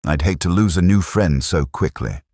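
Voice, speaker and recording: A man's voice: low voice, normal speed, a little mellow, dry recording. A man voicing a cheeky young British private from Sheffield, bantering in a dry, teasing way. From Sheffield, England.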